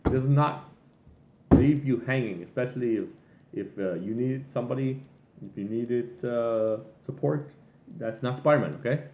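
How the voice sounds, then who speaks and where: A man's voice: medium pitch, a little hiss or hum. A man rambles through a long, profane rant with an exasperated edge. His voice comes through thin and phone-like. It bounces around an echoey room. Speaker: vlogger. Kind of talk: casual rant.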